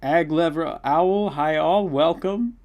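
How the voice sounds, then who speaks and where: A young man hosting a live watch-along stream, reading viewers' comments aloud and chatting excitedly as a fan. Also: on the high side, takes it slowly, lo-fi sound. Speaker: livestream host.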